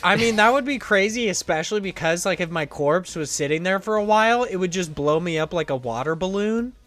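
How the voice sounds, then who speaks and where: A man's voice: high-pitched, lively intonation, fairly quick, fairly bright tone. A young man co-hosting a podcast, chatting casually with crude jokes and rambling tangents. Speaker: podcast co-host. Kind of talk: casual chat.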